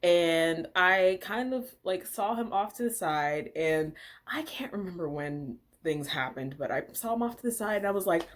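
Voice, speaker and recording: A woman's voice: on the low side, lively intonation, moderate pace. A young woman telling a casual storytime, chatty and exasperated, with plenty of filler words, swearing and laughs. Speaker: vlogger.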